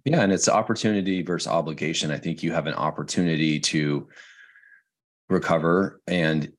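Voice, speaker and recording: A man's voice: extremely low pitch, moderate pace. A man in his thirties co-hosting a recovery podcast, telling stories in casual chat, with jokes and swearing. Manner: storytelling, swears, jokey. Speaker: podcast co-host.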